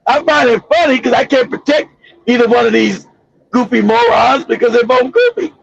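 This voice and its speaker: High-voiced guy with a creaky rasp, mocking everyone, dull dry lo-fi sound. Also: animated, moderate pace. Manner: mocking, insulting, repetitive. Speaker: show host. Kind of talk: heated casual commentary.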